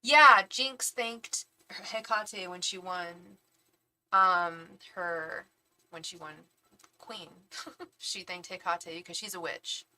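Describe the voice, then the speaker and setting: A woman doing a live tarot reading in a bright, clear voice. She chats casually with viewers in animated bursts and restarts often. At other times she softly repeats a chanted invocation. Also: lowish voice, slow, poor audio. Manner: chatty and animated, with frequent restarts. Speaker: tarot reader and psychic medium. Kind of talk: casual chat on a live stream.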